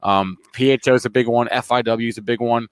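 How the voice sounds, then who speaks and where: A man with a New Jersey accent co-hosting a market show, rattling off ticker symbols quickly and restarting his words. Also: mid-range voice, steady tone, clear, resonant tone, no room sound. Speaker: co-host, trader. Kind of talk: fast market talk show chat.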